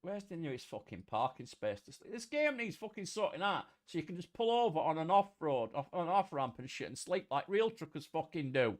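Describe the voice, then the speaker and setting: Sweary man, lively high voice. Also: fairly quick, few pauses. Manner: sweary, mock-threatening banter and grumbling. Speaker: livestream host. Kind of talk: casual gaming stream chat.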